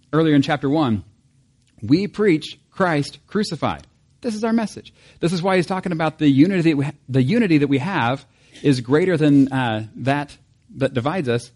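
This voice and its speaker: A man's voice: on the high side, darkish tone. A male pastor giving a conversational sermon, acting out quoted voices and chuckling often.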